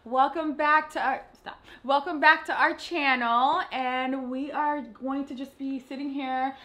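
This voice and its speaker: High, bright-voiced playful woman. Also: fairly even intonation, unhurried. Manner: teasing, playful, mock-addresses the audience. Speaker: co-host of a couple's channel. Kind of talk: casual couple banter.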